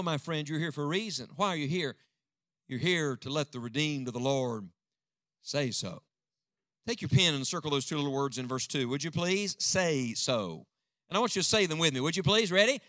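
An older man preaches with a rousing, dynamic delivery and keeps calling on the congregation to answer him. His voice sits high and bright. The sound is dry and close. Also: big pitch swings, fast, dry recording. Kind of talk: sermon. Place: church before a live congregation.

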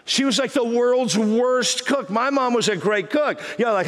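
A man's voice: extremely high pitch, a little slow. A middle-aged man from Texas, preaching a humorous sermon and telling stories with teasing energy. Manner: animated, teasing storyteller acting out quoted voices. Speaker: pastor. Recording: reverberant hall.

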